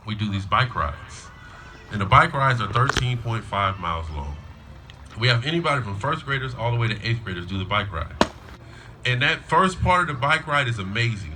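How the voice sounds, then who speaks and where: A man's voice: medium pitch, bright, forceful tone, a little hiss or hum. A middle-aged man, a school coach, giving a storytelling graduation speech to students and parents. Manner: storytelling, acts out a child's whiny voice in quotes.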